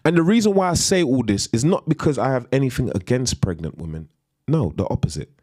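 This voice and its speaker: A man's voice: medium pitch, lively intonation, quick pace, a little mellow, slightly rough, no room sound. A man ranting on a live stream in a heated, emphatic way, repeating slang tags as he goes.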